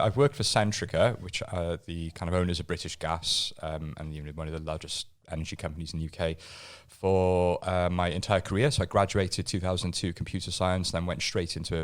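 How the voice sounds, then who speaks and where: A man in his forties, a podcast guest telling stories and talking about his career in a relaxed way. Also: low voice, a little fast, few pauses. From Wales. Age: 40s. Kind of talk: casual podcast interview.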